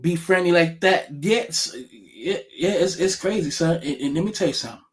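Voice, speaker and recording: A man vents to his viewers in a loose, rambling rant, cursing freely and stumbling over his words. His talk stays animated as he restarts sentences again and again. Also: a little high, moderate pace. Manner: profane, animated, many restarts. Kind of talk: rambling casual rant to camera.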